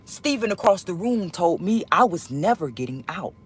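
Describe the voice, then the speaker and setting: Husky, animated woman telling a story. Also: lowish voice, moderate pace. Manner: emotional, profane, rambling, swinging between loud and hushed. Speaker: storyteller vlogger. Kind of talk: casual storytime monologue.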